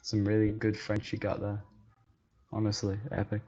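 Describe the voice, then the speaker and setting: A man's voice: on the low side, completely flat delivery, moderate pace, warm tone. Joking man, lo-fi sound. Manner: joking, self-deprecating, chatty. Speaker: streamer. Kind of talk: casual live-stream chat. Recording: dull lo-fi recording.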